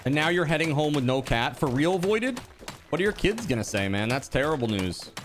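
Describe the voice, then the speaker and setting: A man's voice: fairly high pitch, brisk, slight background noise. A man streaming from home, chatting casually and reacting to viewers with disbelief and the odd swear word. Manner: animated, incredulous, swears casually. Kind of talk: casual live-stream chat.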